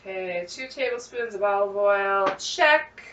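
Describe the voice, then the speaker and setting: A woman chatting excitedly to her viewers as she cooks, thinking out loud in a casual vlog. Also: mid-range voice, unhurried, echoey room, far from the mic, muffled recording, background noise. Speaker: cooking vlogger. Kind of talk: casual cooking vlog, talking to camera. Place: home kitchen.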